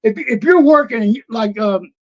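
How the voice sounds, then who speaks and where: A man's voice: extremely high pitch, normal speed. An older man, a veteran wrestler telling road stories in a casual interview, acting out old conversations. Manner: animated storyteller, acts out old conversations. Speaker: retired pro wrestler, guest. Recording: dull lo-fi stream audio.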